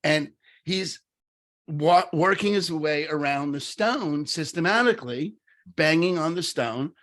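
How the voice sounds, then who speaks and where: Animated man in casual podcast chat. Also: on the high side, unhurried. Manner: animated, lots of fillers and restarts, acts out quoted voices. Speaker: podcast co-host. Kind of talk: casual conversation with storytelling.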